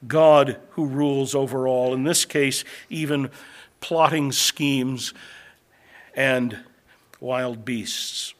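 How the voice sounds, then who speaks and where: In a steady tone, a man delivers a scripture-based teaching sermon, moving from loud, emphatic statements to soft, low asides and slowing to underline key phrases.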